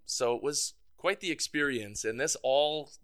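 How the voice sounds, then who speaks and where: Man, interview guest, smooth resonant voice, casual rambling story, lots of fillers. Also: medium pitch, a little slow, fairly bright tone. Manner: rambling, many fillers, laughs often. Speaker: guest, band's tour manager.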